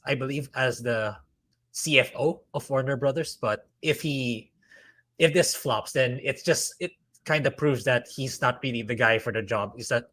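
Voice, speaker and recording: A man's voice: mid-range voice, fairly bright tone. A man co-hosting a casual podcast, giving his opinions in a chatty way with fillers. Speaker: podcast co-host. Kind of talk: casual chat.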